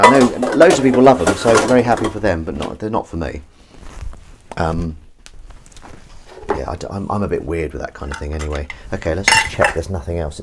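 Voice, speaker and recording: A man hosting a live stream, chatting casually and rambling to viewers while washing up in his kitchen. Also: sits low. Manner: rambling, self-correcting, chatty asides to viewers. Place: home kitchen. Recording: loud sink and kitchen noise.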